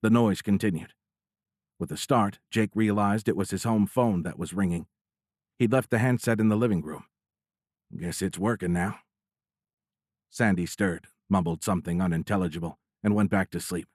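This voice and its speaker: A man narrating a military science fiction audiobook in a steady, measured storytelling voice. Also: lowish voice, no room sound, clean studio sound.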